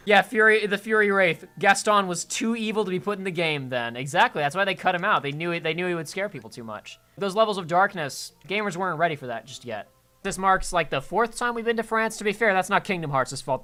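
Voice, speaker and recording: A man's voice: high voice, sharp tone. A young man streaming a game, giving sarcastic, mock-serious commentary.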